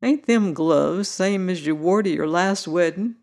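A young cowboy with an easy Southern drawl, as an audiobook reader plays him. He speaks slowly and gently, teasing with a soft voice. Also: medium pitch, natural voice.

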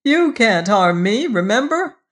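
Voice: mid-range voice, big pitch swings, measured pace, pitched above the performer's own voice. An audiobook narrator voicing a curt, commanding immortal man who issues demands. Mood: curt, demanding. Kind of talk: audiobook reading.

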